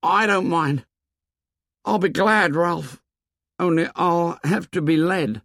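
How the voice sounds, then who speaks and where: A man's voice: a little high, slow, creaky, a bit bright, no room sound, clean studio sound, pitched above the performer's own voice, full character voice. A man voicing an earnest, short-sighted boy who speaks eagerly and hastily, trying to please. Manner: eager, placating, hasty.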